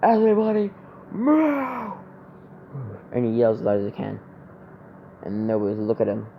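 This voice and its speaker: A man casually retelling a fan story, rambling and halting as he searches for words, on a dull lo-fi recording. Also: on the low side, completely flat delivery, creaky, slight background noise.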